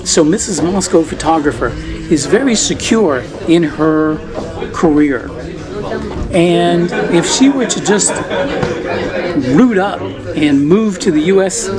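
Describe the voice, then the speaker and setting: An older man from South Texas telling a story casually as a vlogger, chatty and laughing at his own jokes. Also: on the high side.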